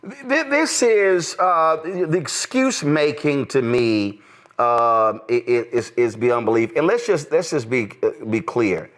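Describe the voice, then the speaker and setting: A man's voice: mid-range voice, animated, unhurried, fairly bright tone. A middle-aged man hosting a political talk show, indignant and emphatic, rising into exclamations. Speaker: show host. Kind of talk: political commentary.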